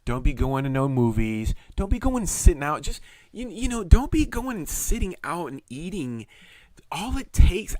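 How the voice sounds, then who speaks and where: A man's voice: high voice, darkish tone, no echo. A middle-aged man telling his own story of surviving a serious illness, rambling and earnest, often repeating himself. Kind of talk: casual personal testimony.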